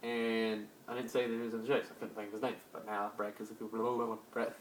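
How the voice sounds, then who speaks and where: A young man hosting a casual solo sports talk show, rambling and hyper with sudden loud outbursts. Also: lowish voice, flat delivery, brisk. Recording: echoey room, distant mic.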